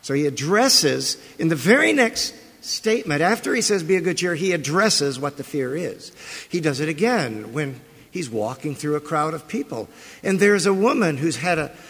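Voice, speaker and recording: Male pastor, fairly high husky voice, lively storytelling sermon, long church reverb. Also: normal speed. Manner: animated storytelling preacher, asks the congregation questions. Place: church sanctuary.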